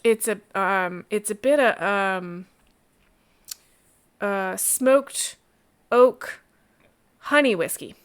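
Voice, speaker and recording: A woman voicing a cheerful, grateful middle-aged male innkeeper and brewer who talks fast and excitedly, tripping over his restarts. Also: mid-range voice, clean tone. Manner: excited, hurried, stumbling restarts.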